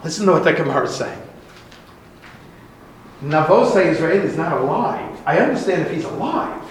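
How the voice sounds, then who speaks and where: A man's voice: a little high, very animated, moderate pace, roomy sound, slight background noise, poor audio. A man giving a talk, retelling an old story with dramatic flair and acting out the voices.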